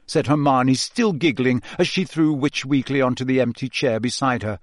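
A man reading a storybook aloud as an audiobook narrator, steady and expressive. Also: mid-range voice, moderate pace, few pauses, dry recording, studio quality.

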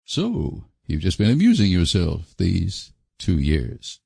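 A man's voice: low-pitched, wildly swooping pitch, slow, creaky, darkish tone, slightly rough, no room sound, studio quality, heavily acted. A man reading an audiobook voices a young man who speaks stiffly and bitterly after being refused. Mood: wounded. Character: young man, proud and wounded.

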